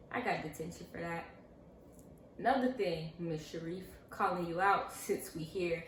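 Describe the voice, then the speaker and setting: A young woman vlogger answering viewer questions, telling stories in a lively, chatty way and acting out the voices of the people in them. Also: on the low side, normal speed. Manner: animated, chatty, acts out quoted voices. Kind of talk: casual storytelling Q&A. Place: indoors at home, seated with a pillow. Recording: echoey room, mic at a distance, faint hiss.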